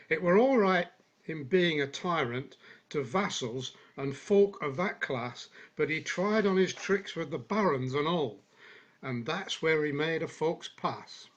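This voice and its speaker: A man with a fairly high voice recites a comic monologue in rhyming verse. He puts on a generic northern English accent and tells it in a measured storytelling way, heard over a video call. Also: a bit bright. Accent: put-on generic northern English. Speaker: singaround participant reciting.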